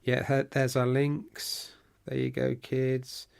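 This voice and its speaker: Chatty gravelly podcast host. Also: male voice, medium pitch, monotone, slow, darkish tone. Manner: chatty, rambling, jokey. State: voice going hoarse. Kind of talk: casual podcast chat.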